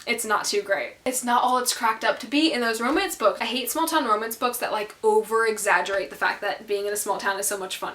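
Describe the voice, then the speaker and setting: A woman's voice: a little high, brisk, few pauses, pushed and bright, slight background noise. A young woman chatting casually to camera about books, bubbly and full of fillers, with a country twang that slips in. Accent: rural American country twang slips in. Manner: bubbly, filler-heavy, says "okay?" a lot. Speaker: book vlogger.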